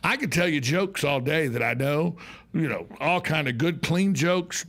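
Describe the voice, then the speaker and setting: A man's voice: on the high side, expressive, moderate pace, a bit bright. A man hosting a talk radio show, telling jokes and stories in a casual, emphatic way. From United States. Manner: storytelling, joking, emphatic. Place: radio studio.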